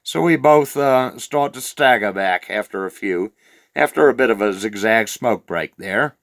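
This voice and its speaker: A man with a lowish, fairly bright, animated voice delivers a comic monologue at a measured pace as a crude, rambling old Southland farmer from rural New Zealand. He drawls and meanders through his yarn with plenty of "uh" fillers, in clean studio sound with no room sound.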